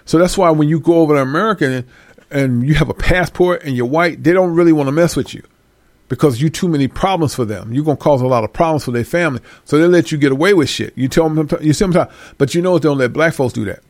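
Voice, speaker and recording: A man's voice: on the high side, quick pace, dry recording. Guy ranting casually to his viewers, swears a lot, laughs a bunch, dry close sound. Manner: animated, swears freely, laughs often. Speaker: host.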